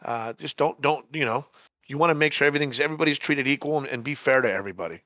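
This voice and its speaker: A middle-aged man telling a story in casual chat, animated, repeating words and swearing freely. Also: medium pitch, very fast, no echo, highs cut off.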